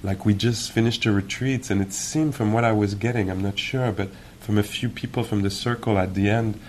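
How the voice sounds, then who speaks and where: A man giving a meditation teacher's dharma talk in a gentle, reflective, musing way, with many pauses. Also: on the low side, fairly even intonation, a little hiss or hum. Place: retreat hall.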